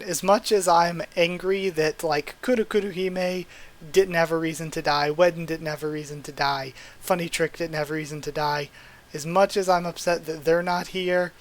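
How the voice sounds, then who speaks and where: A man hosting a novel readthrough, reading aloud and commenting, who gets choked up at the sad parts. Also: on the high side. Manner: emotional, chokes up while reading. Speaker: light novel readthrough host.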